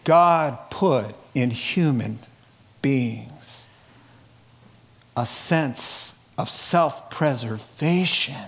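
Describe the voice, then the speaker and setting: A man preaching a sermon, swinging from hushed, quiet lines to loud, laughing outbursts. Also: mid-range voice. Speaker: pastor.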